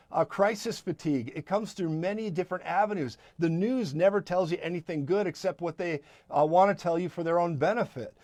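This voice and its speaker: A man preaching fervently on a live broadcast, emphatic, repeating lines and adding quick asides. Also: sits high, darkish tone, no echo. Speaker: prophetic minister and broadcast host.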